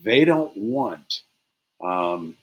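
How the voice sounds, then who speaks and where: Man, low husky voice, casual talk show chat, halting and restarting. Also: sing-song, fairly bright tone, low-quality recording.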